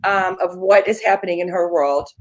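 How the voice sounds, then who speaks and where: A woman's voice: on the low side, normal speed. A woman co-hosting a live morning show, telling playful stories in casual banter. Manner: playful, giggly storyteller.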